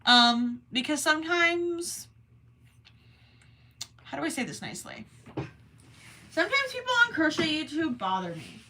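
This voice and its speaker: Slow, rambling young woman host. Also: high-pitched, sing-song. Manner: slow, rambling and self-deprecating, with soft asides. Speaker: crochet livestream host. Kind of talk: casual livestream chat, reading chat messages.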